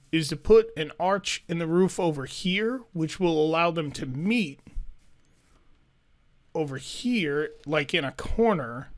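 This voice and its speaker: A man giving let's play commentary as he builds, thinking aloud and talking to himself as he goes. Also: a little high. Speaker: gaming YouTuber.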